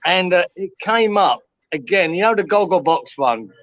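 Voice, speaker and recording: A man's voice: high voice, animated, normal speed, a bit bright, no echo, highs cut off. A middle-aged man from England chatting casually on a video call, calling everyone mate. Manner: chatty, says mate a lot. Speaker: West Ham fan chatting on a channel call. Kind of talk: casual chat.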